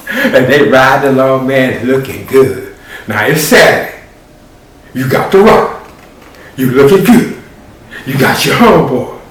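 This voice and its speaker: Male storyteller, live performance, animated, spoken sound effects, lively pitch, very echoey room, distant mic. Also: slight background noise.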